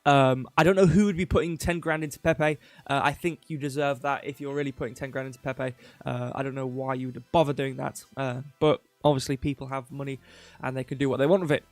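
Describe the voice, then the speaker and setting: A man's voice: medium pitch, steady tone, fast, hardly any pauses, no echo. A young man hosting a casual crypto livestream, rambling with lots of fillers and offhand jokes. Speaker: crypto news host.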